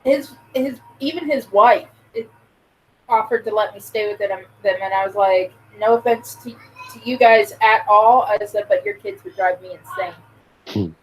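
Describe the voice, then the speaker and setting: A woman's voice: medium pitch, a little slow, poor audio. A woman chatting casually, telling a blunt, crude story and acting out the dialogue. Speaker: podcast co-host. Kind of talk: casual chat.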